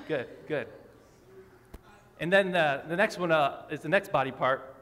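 A man in his thirties delivers a sermon from the pulpit, his voice pitched a little high for a man. He talks in a friendly, joking way with the congregation. The sound rings with a long reverb from the church hall. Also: normal speed, fairly bright tone. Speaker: preacher. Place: church sanctuary.

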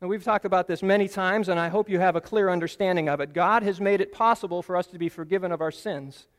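A man with a fairly high voice preaches an earnest, explanatory Bible teaching sermon. He slows down and stresses key phrases to drive them home, and his voice rings out with the long reverb of a large hall.

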